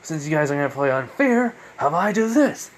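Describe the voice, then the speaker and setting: A man's voice: a little high, big pitch swings, fast, a little hiss or hum, voice pushed up. A man doing a cocky young hero. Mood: teasing. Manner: teasing, joking.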